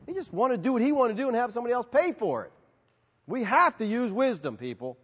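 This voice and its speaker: A man's voice: very high-pitched, quick pace, slightly rough. A man preaching as a pastor, answering a congregation's question and acting out conversations as he tells stories. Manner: animated storytelling, acting out both sides of dialogues. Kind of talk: sermon Q&A. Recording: dull sound, long hall reverb.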